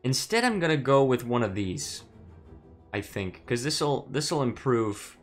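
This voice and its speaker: A man's voice: mid-range voice, expressive, unhurried, soft background music. A man streaming a strategy game, musing aloud with hesitant restarts while reading chat messages.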